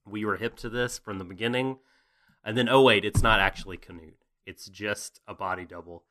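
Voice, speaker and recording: A man's voice: on the low side, steady tone, brisk, pushed and bright. A man co-hosting a casual anime recap, jokey, profane and rambling. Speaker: podcast co-host.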